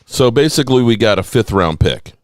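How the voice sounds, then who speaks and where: A man hosting a casual sports podcast, talking in an animated, excitable way and swearing now and then. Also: fairly quick, dry recording, clean studio sound. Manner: animated, excitable, swears, acts out quotes in a high voice. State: voice strained, coughing.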